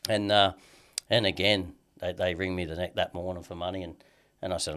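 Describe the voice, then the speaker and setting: A man's voice: sits low, little pitch movement, a little fast, a bit bright, smooth. An Australian man telling a long story in casual chat as a podcast guest, swearing heavily and rambling with lots of "you know what I mean".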